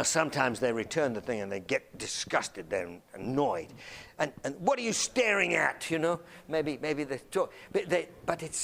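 Lively, animated male lecturer. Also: high-pitched. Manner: animated, acts out little dialogues, repeats words. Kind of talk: anecdotal classroom lecture. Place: lecture room filmed on camera.

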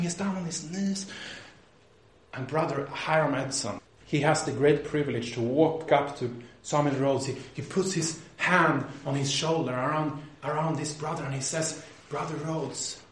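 A man preacher telling a story in a sermon, with a lively, animated delivery and frequent restarts. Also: a little high, a little hiss or hum. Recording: roomy echo.

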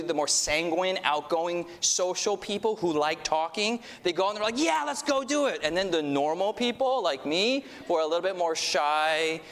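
A male pastor delivers a sermon with a slightly raised pitch, guiding the congregation through call-and-response lines. He mixes in self-deprecating humor. His voice rings out in a hall with a long reverb tail. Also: a bit bright.

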